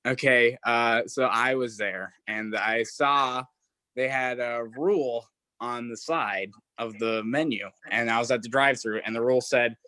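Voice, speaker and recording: A man of twenty performing a stand-up set, self-deprecating and halting, with lots of fillers. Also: medium pitch, pushed and bright, no room sound. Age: 20s. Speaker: stand-up comic. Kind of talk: stand-up set over a video call.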